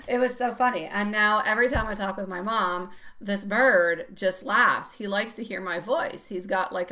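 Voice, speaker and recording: A woman giving a live tarot reading, chatting warmly with viewers, calling them sweetie and laughing often. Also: lowish voice. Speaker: tarot reader.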